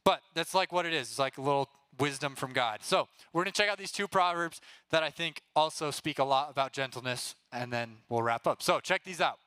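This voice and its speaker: A young man leads a youth group sermon in a loose, chatty way and keeps asking "right?" to check in with the room. His voice sits a bit high, bright and forceful. It is crisp and clean, recorded dry and close. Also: brisk, few pauses, dry recording. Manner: casual and energetic, often checks in with "right?"; talks straight to the group and gets them to call out answers. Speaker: youth pastor.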